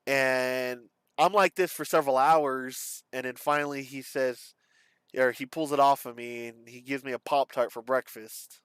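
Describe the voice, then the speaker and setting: A man speaks haltingly in a subdued, confessional way, often pausing and trailing off. His voice is smooth and clean, recorded close and dry with no room sound. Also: mid-range voice, fairly even intonation, a bit bright, no echo. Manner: halting, hesitant, with many pauses and fillers. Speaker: vlogger. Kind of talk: candid personal storytelling.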